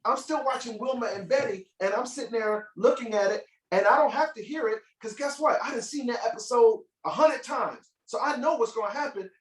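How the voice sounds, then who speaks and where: A man, a musician teaching children over a video call, telling a story in a playful, expressive way and asking the audience questions, with piano behind him. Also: very high-pitched, fairly quick, few pauses. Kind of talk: animated storytelling workshop. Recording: echoey room audio from far off.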